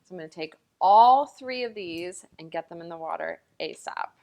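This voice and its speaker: A woman's voice: on the low side, animated, normal speed, vocal fry, a little mellow. A woman chef teaching a cooking lesson in a kitchen, chatty and enthusiastic, talking straight to the viewers.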